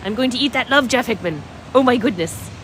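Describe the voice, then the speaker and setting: A woman's voice: on the high side, expressive, a little fast, fairly bright tone, slight background noise. Bubbly woman livestreaming a street walk. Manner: bubbly, chats with viewers' comments. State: sniffly from a cold. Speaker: travel livestream host. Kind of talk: chatty livestream walking tour. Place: outdoors on a village street.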